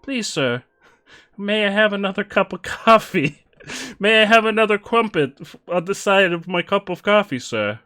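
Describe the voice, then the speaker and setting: A man's voice: expressive, moderate pace, pushed and bright. A man putting on an attempted British accent, voicing a pleading male servant who begs for more coffee. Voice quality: high, exaggerated, pleading.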